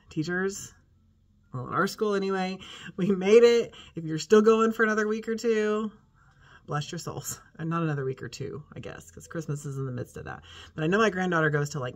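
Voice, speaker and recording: Congested older woman, low voice. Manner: chatty, folksy, drops to soft murmurs. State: congested, breathing hard. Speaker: teacher and vlogger. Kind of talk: casual chat to camera.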